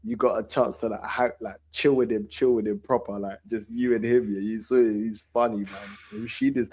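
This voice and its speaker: A man's voice: lowish voice, steady tone, normal speed, a little mellow, slightly rough. A man with a London accent hosting a fan stream, laid-back and laughing in casual chat. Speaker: channel host.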